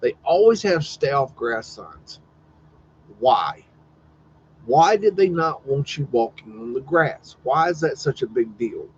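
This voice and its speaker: A man's voice: medium pitch, very animated, a little slow, dull audio, a little hiss or hum. A man hosting a casual live stream, commenting on old photos in a rambling, profane, wondering way. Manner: rambling, profane, wondering aloud, teasing his dog.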